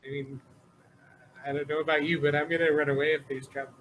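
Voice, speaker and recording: A man playing a tabletop game, joking in a lively way, with faint background noise. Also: a little high, fast talker, rough recording. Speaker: player. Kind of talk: casual tabletop play.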